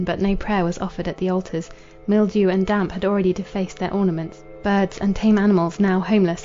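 A woman reading a classic novel aloud in a measured, solemn narration. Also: mid-range voice, dark tone, lo-fi sound. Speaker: audiobook narrator.

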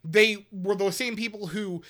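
A man co-hosting a casual political chat, animated and ranting, swearing often. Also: sits high, measured pace. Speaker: podcast co-host.

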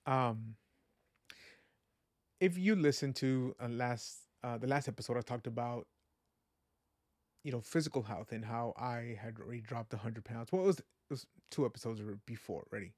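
A man's voice: medium pitch, moderate pace, long pauses, darkish tone, dry recording. A man talks through a casual podcast monologue in a mid-range voice, earnest and reflective. He rambles and restarts, leaning on "you know" and "like". The sound is dry and close, with no room around it. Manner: reflective and faith-minded. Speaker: podcast host.

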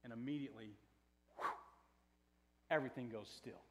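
An American man preaching a sermon, telling a story with animated swings between loud quoted lines and hushed asides, laughing often. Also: mid-range voice, normal speed. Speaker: pastor.

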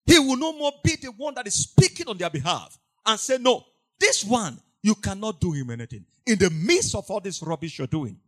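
A man preaching a sermon in a high voice that leaps up and down. He repeats his lines for emphasis, sinking to soft asides and then rising to loud cries.

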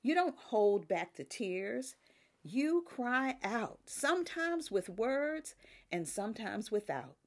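An older woman preaching a sermon, emphatic, with rises on key words and soft drops at the ends of phrases. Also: on the high side, very animated, slow.

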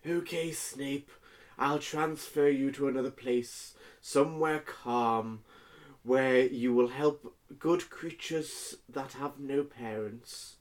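Man voicing wise old male headmaster wizard, gentle, slow, reassuring. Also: medium pitch, close to an everyday voice. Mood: soothing.

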